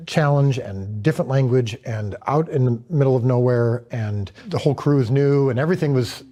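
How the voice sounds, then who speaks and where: A man's voice: medium pitch, normal speed, warm tone. A man, the director of a series, telling a candid story in a panel conversation and acting out his own reactions.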